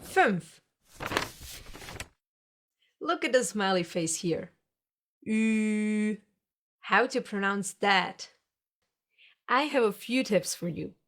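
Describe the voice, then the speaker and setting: Woman, lesson narrator, mid-pitched, patient and explanatory. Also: lively intonation, unhurried, fairly bright tone. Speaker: language teacher.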